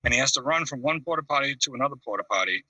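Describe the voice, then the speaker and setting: A man telling a long, animated funny story on a video call, acting out voices and laughing at his own tale. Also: medium pitch, very fast, no room sound. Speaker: call-in show host. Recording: dry video call audio, distant from the mic.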